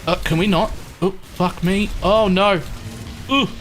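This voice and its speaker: A man's voice: high-pitched, fairly even intonation, a little slow, fairly bright tone, soft background music. A man streaming a game live, giving casual, rambling commentary and thinking aloud as he plays.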